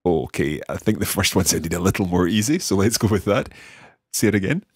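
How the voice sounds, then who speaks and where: A man's voice: low-pitched, lively intonation, a little fast, darkish tone, husky, dry recording, clean studio sound. A man hosting a language lesson as the learner, curious and repeating new words back. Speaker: host and learner.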